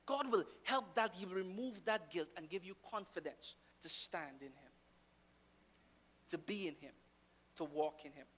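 A woman preaching a sermon, telling the story dramatically and swinging between hushed and loud delivery. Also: lowish voice, moderate pace, a little hiss or hum.

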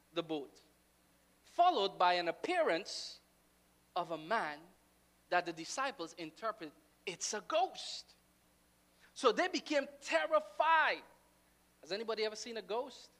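Animated woman preacher delivering a sermon. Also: medium pitch, measured pace. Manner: dramatic swings from hushed to loud, animated storytelling.

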